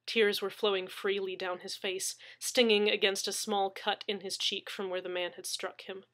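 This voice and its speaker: A woman's voice: medium pitch, level tone, fairly bright tone. A woman reading a science fiction story aloud as its narrator. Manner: slow, dramatic narration. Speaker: reader.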